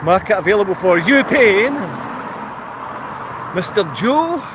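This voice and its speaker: A Scottish man with a Glaswegian accent, rambling to his viewers on a walk-and-talk vlog, chatty and quick to laugh. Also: high-pitched, very animated. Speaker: vlogger. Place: outdoors on a town street with traffic. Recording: street traffic noise behind.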